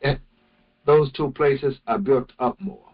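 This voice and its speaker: Slow-speaking man giving a religious lecture. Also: medium pitch, highs cut off. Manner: slow, deliberate, with many restarts. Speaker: religious teacher. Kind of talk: morning lecture.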